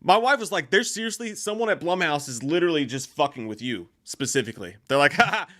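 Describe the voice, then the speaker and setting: A man's voice: a little high, fast talker, dry recording, studio quality. A young man in casual podcast chat with a co-host, swearing often and laughing as he talks. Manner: profane, laughing often, animated.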